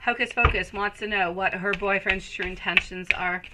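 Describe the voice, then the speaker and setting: A tarot reader gives a live-streamed reading in a steady, mid-range voice at normal speed, with a lot of noise around her. She speaks affectionately, soothing and reassuring her viewers while calling them pet names.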